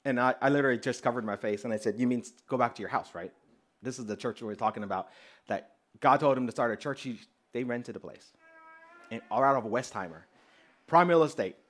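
A man preaching as a pastor, telling a personal story in an animated way and acting out the dialogue. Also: medium pitch, fairly quick. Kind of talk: storytelling sermon.

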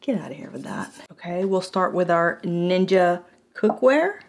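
A woman's voice: fairly low pitch, measured pace. A woman with a put-on American country twang, reviewing cookware in a jokey, chatty way at a home kitchen counter. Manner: jokey, animated, laughing asides. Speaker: product reviewer vlogger. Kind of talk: casual chatty product test.

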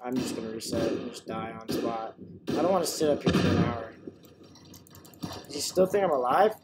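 A young man giving excitable live commentary while playing a video game, yelping and shrieking whenever his character dies. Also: medium pitch, moderate pace, noisy background. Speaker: gamer.

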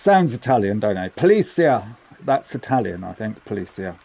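A man's voice: lowish voice, sing-song, moderate pace, gravelly, a little mellow. A man hosting casual gameplay commentary, chatty and jokey with rambling asides. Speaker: gaming channel host.

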